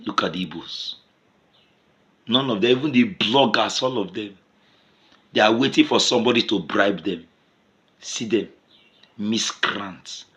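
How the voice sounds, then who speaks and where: A man with a Nigerian accent giving impassioned commentary to camera, emphatic and repetitive, swinging from loud outbursts to low mutters. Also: unhurried, long pauses. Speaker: vlogger.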